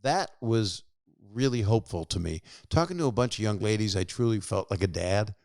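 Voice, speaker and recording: A man's voice: on the low side, lively intonation, a little fast, creaky, darkish tone, no room sound, studio quality. A man in his sixties, a podcast host chatting with callers and telling stories in a rambling, jokey, self-interrupting way. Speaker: podcast host calling listeners. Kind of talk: casual phone chat and rambling monologue.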